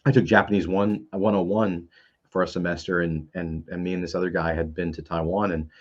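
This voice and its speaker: Man, middle-aged, low voice, filler-heavy casual chat, dull lo-fi recording. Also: level tone, brisk. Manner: rambling storyteller with many fillers. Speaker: panelist. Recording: dull lo-fi audio.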